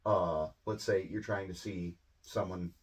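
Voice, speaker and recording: A man with a Midwestern American accent teaching English in a relaxed, conversational way, often checking in with tag questions. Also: low-pitched, unhurried, breathy edge. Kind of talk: casual explanatory lesson.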